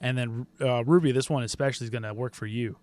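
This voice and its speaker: A man co-hosting a casual gaming podcast, joking and laughing often in quick banter. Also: mid-range voice, fairly even intonation, a little mellow, no echo. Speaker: podcast co-host.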